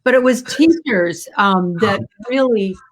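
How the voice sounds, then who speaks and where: Female host, mid-pitched voice, encouraging and attentive, live video call interview. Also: a little slow. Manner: encouraging, reads out viewer comments.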